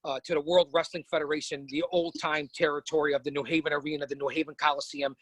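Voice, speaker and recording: High-pitched guy hyping up his guest with big theatrical questions, dry mic. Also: little pitch movement, quick pace, a bit bright, no echo, low-quality recording. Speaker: podcast host, interviewer. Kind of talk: casual podcast interview.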